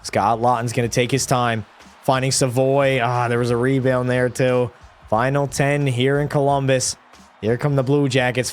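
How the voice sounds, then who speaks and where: A man calls hockey video game action into a desk microphone at home, in a mid-range voice. He talks like a play-by-play announcer and breaks into excitable, frustrated outbursts. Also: medium pitch, normal speed, a little hiss or hum. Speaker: gaming creator. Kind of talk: live gameplay commentary.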